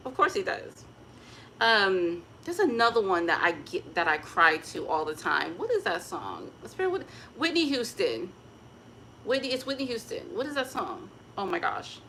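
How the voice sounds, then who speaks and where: A woman chatting casually to camera at home, expressive and open about her feelings. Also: mid-range voice, moderate pace, slight background noise. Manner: chatty and emotionally expressive, breaks into gospel singing. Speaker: vlogger.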